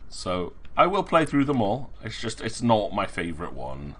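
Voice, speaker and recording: A man's voice: on the low side, huge pitch swings, normal speed, fairly bright tone, breathy edge. A man streaming a video game, chatting casually in an opinionated, rambling way. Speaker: gaming streamer. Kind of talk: casual gameplay commentary.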